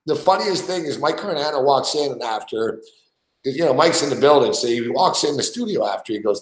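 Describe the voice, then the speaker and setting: A man's voice: mid-range voice, a little fast, long pauses, echoey room, rough recording. A man hosting a sports betting show, telling profane, laughing stories about guests in casual studio banter. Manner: profane, storytelling, laughs often.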